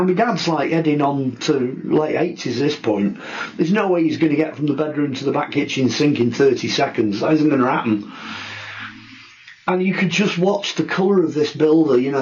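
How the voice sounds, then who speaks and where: A middle-aged man telling a ghost story in a casual interview, animated and acting out the people he quotes. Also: on the high side. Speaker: guest storyteller. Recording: dull lo-fi recording.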